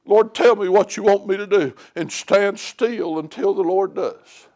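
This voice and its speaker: A man with a high, light voice preaches a sermon in a church. He talks plainly and folksily, leaning on homespun stories. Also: a little slow, darkish tone. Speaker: lay preacher. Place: church sanctuary.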